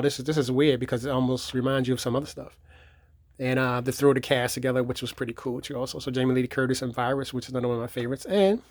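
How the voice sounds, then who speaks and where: In a home theater room, a man with a medium-pitched voice gives a casual, rambling show-and-tell of his movie collection. He repeats himself and relies on filler words, and there's no echo.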